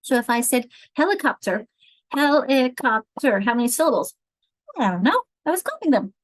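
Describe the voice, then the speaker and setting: A woman's voice: a little high, big pitch swings, quick pace, dry recording, rough recording. A woman leading a teacher-training session on reading, explaining patiently and checking in with rhetorical questions. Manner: explanatory, counts words aloud and asks rhetorical checks. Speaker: literacy trainer.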